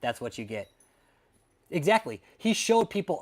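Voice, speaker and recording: A male livestream host rants at home with constant swearing and blunt, heated commentary. His voice sits a little above the usual male pitch. He talks straight at his viewers, angry and profane. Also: very animated, fairly quick. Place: home, dog nearby.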